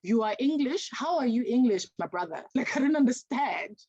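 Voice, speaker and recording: A woman's voice: a little high, lively intonation, normal speed, darkish tone, husky, no echo. A woman, speaking as a podcast guest in an emphatic, passionate way. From South Africa. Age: 20s. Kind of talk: podcast conversation. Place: remote video call. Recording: dull, dry video-call audio.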